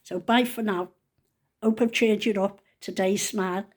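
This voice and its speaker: A woman's voice: medium pitch, steady tone, moderate pace. Chatty woman in her seventies. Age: 70s. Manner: chatty, rambling, down-to-earth. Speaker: vlogger. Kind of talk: casual storytelling to camera.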